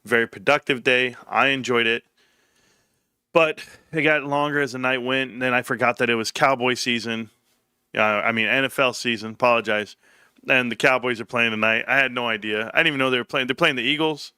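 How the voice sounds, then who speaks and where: A man hosting a casual livestream, chatting to viewers and telling an excitable story, jumping up in pitch when he quotes people. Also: fairly quick, clear, resonant tone, dry recording, studio quality. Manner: excitable storyteller, jumps high when quoting others. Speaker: livestream host. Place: home, evening livestream.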